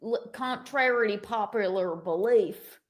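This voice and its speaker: A woman's voice: medium pitch, a little slow. A woman giving a casual vlog rant, chatty and defensive.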